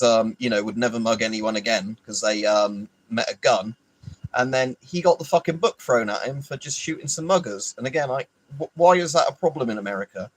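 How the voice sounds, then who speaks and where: Guy on a live stream, rambly and sweary, mid pitch, chatting back to viewers. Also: poor audio. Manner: rambling, swears freely, answers chat by name. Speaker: livestream host. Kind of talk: casual live chat.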